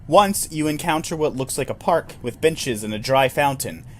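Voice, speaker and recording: Man, solo game narrator, wry asides, mid-pitched. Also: expressive, moderate pace, slight background noise. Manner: self-deprecating asides, wry. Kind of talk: reading a solo role-playing game aloud.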